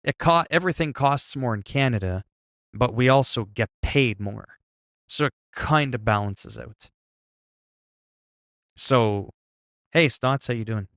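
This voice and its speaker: A man's voice: medium pitch, measured pace, pauses often, a bit bright, no echo, studio quality. A man chatting casually on a livestream, reacting to chat messages and exclaiming as he talks.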